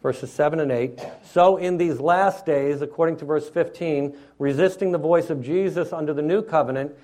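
A man's voice: on the high side, moderate pace, a little mellow. A man preaching an expository sermon in a teacherly way, often checking in with his listeners.

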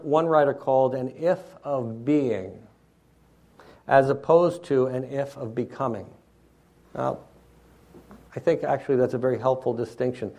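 A man's voice: mid-range voice, darkish tone. A man preaching an expository sermon in a teacherly way, often checking in with his listeners.

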